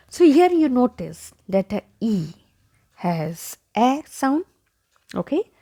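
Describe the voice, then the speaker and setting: A woman teaching English pronunciation, saying each word slowly and repeating it several times. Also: fairly high pitch, animated, warm tone. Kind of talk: pronunciation lesson.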